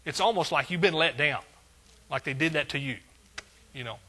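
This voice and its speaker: A male pastor delivers a sermon in a conversational way, often asking his congregation questions. His voice sits a little high and sounds bright and forward. It has a husky, gravelly grain. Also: moderate pace.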